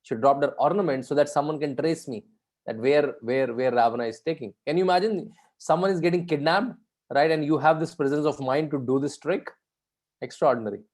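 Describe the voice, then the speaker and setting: A man's voice: fairly high pitch, brisk, a little mellow. A man leading an online session for students, talking conversationally, asking the audience questions and often adding "right?". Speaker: guest speaker leading a session. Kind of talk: interactive talk to students.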